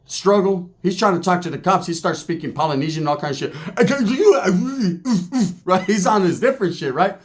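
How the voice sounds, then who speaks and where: A man spinning a long, profane yarn, lively and crude, sliding into voices for the people in his tale. His voice sits a little higher than most men's. He is from California. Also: moderate pace, hardly any pauses. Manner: animated, crude, acts out other people's voices. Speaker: former prisoner telling a story. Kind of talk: profane storytelling monologue.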